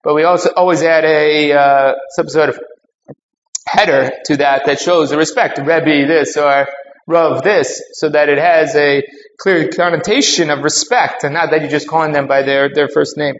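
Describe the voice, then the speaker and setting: A man's voice: a little high, steady tone, moderate pace. A man giving a Talmud class, explaining step by step, mixing in Hebrew and Aramaic terms and often asking "right?". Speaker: rabbi teaching Talmud. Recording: roomy, dull audio with faint ambient noise.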